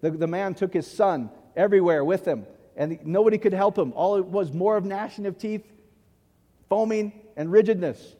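A man's voice: high voice, moderate pace, warm tone, in a large hall. A man preaching a sermon in an emphatic way, often checking that the audience agrees. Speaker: pastor.

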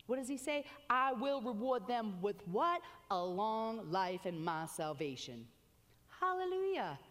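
A woman preaching a sermon with animated exclamations, reading scripture aloud between comments. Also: a little high. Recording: long hall reverb.

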